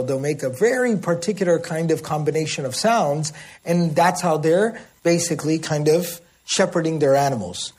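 A man's voice: a little high, breathy edge. A man teaching a religious language lesson, explaining word meanings and often checking in with his listeners. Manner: acts out calls and shouts.

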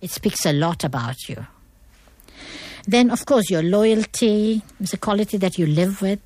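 A woman's voice: medium pitch, expressive, measured pace, darkish tone, no room sound. Emphatic, lecturing woman. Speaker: guest speaker. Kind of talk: motivational talk on manners.

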